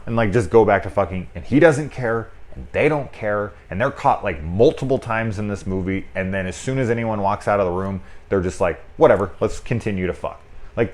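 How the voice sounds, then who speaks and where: A man giving a casual spoken movie review, rambling with lots of filler words and swearing, amused by the film. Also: on the low side.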